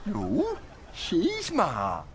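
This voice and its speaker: An actor with a Belfast accent playing a vain, bossy middle-aged dad directing a film about himself. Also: male voice, a little high, wildly swooping pitch, drawn-out words, noisy background, exaggerated voice. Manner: self-absorbed, bossy, shouty.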